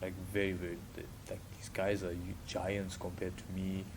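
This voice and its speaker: A low-pitched man in his thirties with a South African accent tells stories casually as a podcast guest, speaking at normal speed over background noise. He's animated, acting out quoted voices and laughing as he goes.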